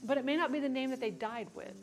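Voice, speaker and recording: A woman's voice: high-pitched, quick pace, a little hiss or hum. A woman hosting a cooking livestream, chatting casually while she cooks and reads viewer questions aloud, playful and self-mocking.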